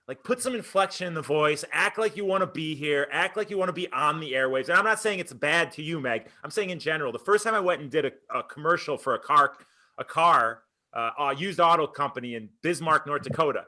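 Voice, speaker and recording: A man co-hosting a live podcast over a video call, joking and teasing in playful, animated banter. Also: a little high, fairly quick. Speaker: podcast co-host.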